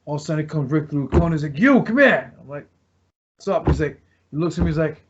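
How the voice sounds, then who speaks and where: A man's voice: a little high, steady tone, rapid-fire, vocal fry, very noisy. A former pro wrestler telling locker-room stories in casual chat, rambling and restarting as he acts out what others said. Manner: rambling, restarts often, acts out quoted lines. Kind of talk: casual storytelling. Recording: dull lo-fi podcast audio.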